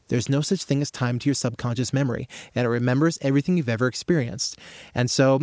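A man explaining his therapy method in a casual talk, acting out little scenes with growing excitement. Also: mid-range voice, fast, no room sound, studio quality. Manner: animated storyteller, acts out scenes with rising excitement.

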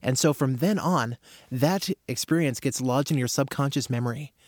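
A man explaining his therapy method in a casual talk, acting out little scenes with growing excitement. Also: medium pitch, moderate pace, dry recording, studio quality. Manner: animated storyteller, acts out scenes with rising excitement.

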